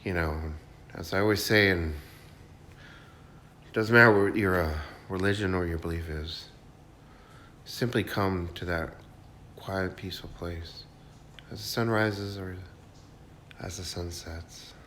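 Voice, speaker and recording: A man giving a casual, rambling spiritual talk, sometimes dropping to a hush as he guides listeners. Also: deep voice, steady tone, a little slow, long pauses. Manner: rambling, restarts, soft guided hushing at times. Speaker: spiritual channel host. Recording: faint background noise.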